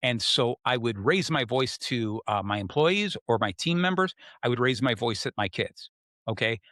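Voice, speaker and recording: A man's voice: medium pitch, normal speed, no room sound, clean studio sound. A middle-aged man hosting a podcast, chatting casually and acting out little stories from home and work. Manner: animated storyteller, acts out quotes. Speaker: podcast host. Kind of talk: casual conversation.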